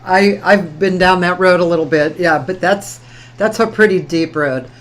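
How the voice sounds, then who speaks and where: A woman's voice: lowish voice, moderate pace. A woman hosting a casual live chat, giving short reactions to her guest. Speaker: host.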